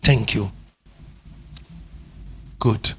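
A man's voice: very slow, fairly bright tone. A man with a Ghanaian accent preaching a sermon, emphatic, firing questions back at the congregation and switching between English and Twi.

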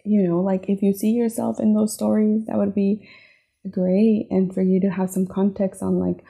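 A woman's voice: mid-range voice, level tone, normal speed, gravelly, mellow. A young adult woman hosting a podcast, talking earnestly and from the heart about healing, with many "right?" and "like" tags. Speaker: podcast host. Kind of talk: reflective personal podcast monologue.

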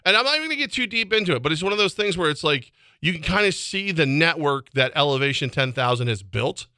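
A man co-hosting a sports radio show in casual banter, telling stories animatedly and jumping into high voices to quote people. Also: fast talker, clean tone, no room sound, studio quality. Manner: animated storyteller, jumps into high voices when quoting people.

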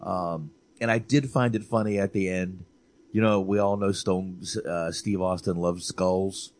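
A man co-hosting a casual movie chat, animated, swearing and repeating himself for emphasis. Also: low voice, a little slow. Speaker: podcast co-host.

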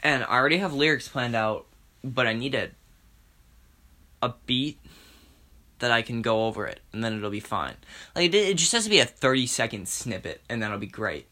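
A man's voice: medium pitch, animated, normal speed, long pauses, sharp tone. A young man hosting a podcast alone, rambling casually, swearing and poking fun at himself. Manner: rambling, self-mocking, profane. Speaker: podcast host. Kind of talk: casual solo monologue.

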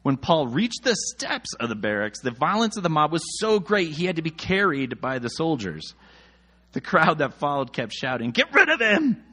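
Man, thirties, lively swooping delivery; casual scripture reading with comic, exasperated commentary. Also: fairly high pitch, moderate pace. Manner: animated, jokey, exasperated asides.

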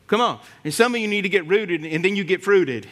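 Brief: male preacher, high voice, plainspoken and punchy, working the congregation. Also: lively intonation, fairly quick, a bit bright. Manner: punchy, rhyming lines and audience call-outs. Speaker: pastor. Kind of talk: sermon.

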